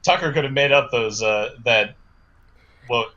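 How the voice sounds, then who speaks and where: A man's voice: medium pitch, unhurried, sharp tone, highs cut off. A man co-hosting a casual sports podcast, talking bluntly and swearing, while he has the hiccups. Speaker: podcast co-host.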